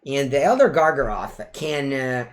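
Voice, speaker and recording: Playing a digital card game, a man gives chatty, playful commentary and pauses now and then to address his cat. His voice is medium-pitched with lively intonation, and he speaks at a measured pace.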